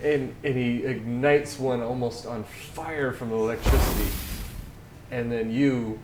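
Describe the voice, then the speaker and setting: A man's voice: mid-range voice, fairly even intonation, unhurried. A man narrating as game master in a loose, rambling way, full of fillers. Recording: echoey room with clear background noise.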